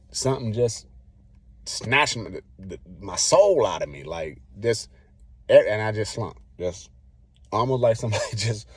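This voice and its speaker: A man with a deep, low voice tells a personal story to camera in a loose, rambling way. He keeps slipping into what he said back then, in relaxed slang. The sound is dry and close, with no room echo. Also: slightly rough. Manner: rambling, acts out his own past lines. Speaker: vlogger.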